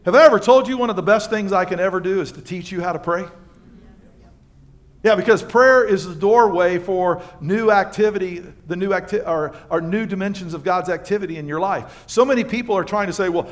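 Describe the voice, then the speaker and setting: A male pastor preaching a sermon, reading scripture and bantering with the congregation in an animated way. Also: high voice. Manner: animated preaching with asides and quick exchanges with the congregation. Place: church livestream.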